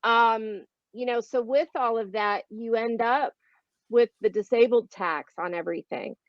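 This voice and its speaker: A woman's voice: on the high side, unhurried, dry recording, lo-fi sound. A woman speaking frankly as a panelist in a discussion.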